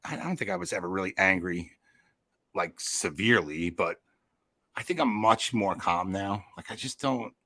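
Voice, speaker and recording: A man's voice: low voice, moderate pace, pushed and bright, dry recording. A man co-hosting a podcast in laid-back casual chat, laughing often and swearing now and then. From New York.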